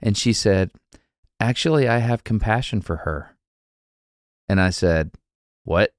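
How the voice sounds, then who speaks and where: A man's voice: lowish voice, measured pace, no echo, studio quality. A man co-hosting a podcast, telling a story in casual chat and acting out the people in it. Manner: animated, acts out quotes with laughs. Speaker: podcast co-host.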